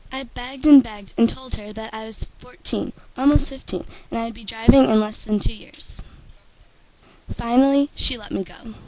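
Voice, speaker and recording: A teenage girl reading her own first-person story aloud in a steady storytelling manner. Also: on the high side, low-quality recording. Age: teens. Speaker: student author.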